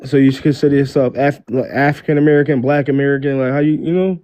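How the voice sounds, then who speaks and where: A man's voice: medium pitch, fairly even intonation, quick pace, a little mellow, no echo. A man moderating a casual live audio panel, stammering and cutting in with prodding questions.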